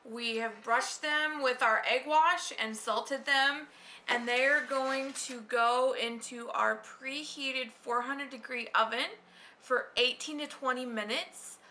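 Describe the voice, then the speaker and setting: A woman's voice: on the high side, pushed and bright, a little hiss or hum. A woman hosting a home baking vlog in her kitchen, patiently giving step-by-step instructions and coaching a child. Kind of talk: casual baking demonstration.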